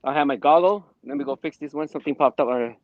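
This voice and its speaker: A man's voice: a little high, quick pace, dry recording, phone-quality sound. A man demonstrating woodworking on a live stream in his backyard, calling out short upbeat lines to viewers. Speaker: guest modder demonstrating cabinet cutting. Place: backyard workshop.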